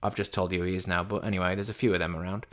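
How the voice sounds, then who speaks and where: Chatty man telling an animated story. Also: deep voice, racing. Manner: animated, acts out quoted dialogue in a raised voice; chatty, self-deprecating, many restarts. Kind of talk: casual storytelling monologue.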